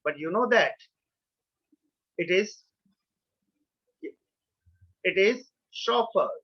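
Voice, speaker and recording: A man with an Indian English accent giving a classroom lecture, switching between English and Hindi and repeating key words. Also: high-pitched. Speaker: college lecturer. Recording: dull lo-fi sound.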